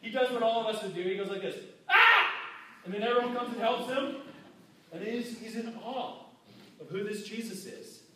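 High-voiced pastor preaching in an echoey hall. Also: male voice, a little fast, a little hiss or hum. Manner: conversational, acts out quoted voices. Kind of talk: sermon. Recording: very echoey hall, mic far off.

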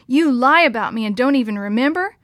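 A woman's voice: a little high, lively intonation, moderate pace, fairly bright tone, no room sound, clean studio sound. A woman reading aloud, voicing a hurt young girl who accuses her brother. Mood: upset.

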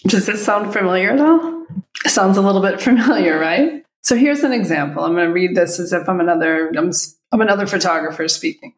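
A woman's voice: lowish voice, gravelly. A woman hosting a solo podcast, explaining ideas to listeners and asking rhetorical questions. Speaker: podcast host coaching photographers. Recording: echoey room.

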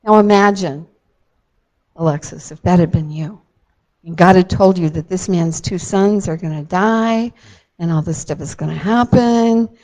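A woman tells a Bible story to a child in a gentle, unhurried way. She leans into key moments with dramatic emphasis, then softens again. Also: fairly low pitch, rough recording.

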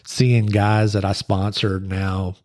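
A man's voice: on the low side, level tone, slow pace, a little mellow, no room sound, clean studio sound. A man in his late forties, a surf shop owner, telling stories in a laid-back, rambling way in casual chat. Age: 40s.

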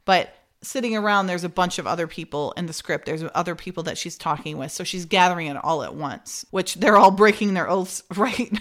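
A woman's voice: lowish voice, brisk, fairly bright tone. A woman hosting a podcast, casually retelling scenes and acting out the characters' lines with laughs. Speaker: podcast host recapping an episode.

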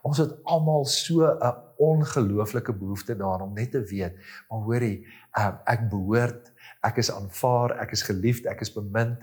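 A man preaching a sermon as pastor, earnest and reflective, with small pauses and restarts. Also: on the low side, darkish tone.

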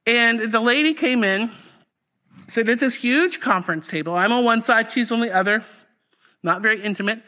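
A woman's voice: a little high, normal speed. A woman pastor preaching a personal testimony in a conversational, storytelling way. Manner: conversational, animated storytelling with fillers.

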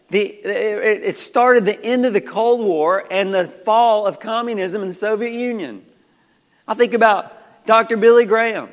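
Country-accented pastor with a high voice. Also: male voice, long reverb tail. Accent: American Southern country. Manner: folksy, rhetorical questions, swings between loud and hushed. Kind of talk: sermon. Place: church sanctuary.

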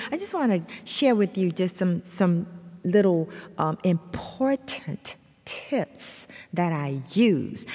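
A woman hosting a motivational podcast, upbeat and emphatic, chatty with many fillers and sudden leaps up in pitch. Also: a little mellow, big-room sound. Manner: chatty, with many fillers and "you know, hey". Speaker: podcast host.

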